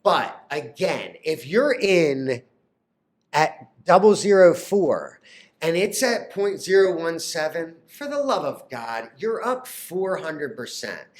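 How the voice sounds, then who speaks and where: A man hosting a stock trading video, talking in an animated, theatrical, profane rant. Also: fairly high pitch, slow. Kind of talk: excited stock market rant.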